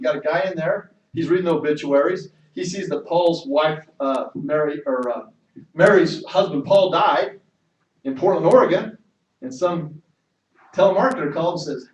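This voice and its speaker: A man's voice: on the high side, expressive, moderate pace, lo-fi sound. A middle-aged man giving an emphatic motivational sales talk to a room of people, telling stories with frequent restarts. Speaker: network marketing speaker. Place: meeting room. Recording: echoey hall from far off.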